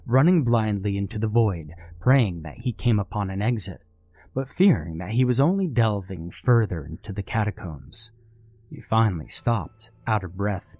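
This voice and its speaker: A man narrating a scary story in a slow, measured, grave way. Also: fairly low pitch, mellow. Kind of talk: scripted horror narration.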